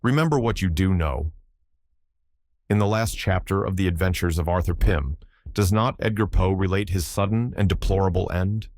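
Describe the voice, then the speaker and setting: A man narrating a classic adventure audiobook in a measured, formal storytelling manner. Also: deep voice, fairly even intonation, a little mellow, no room sound, studio quality. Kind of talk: scripted narration.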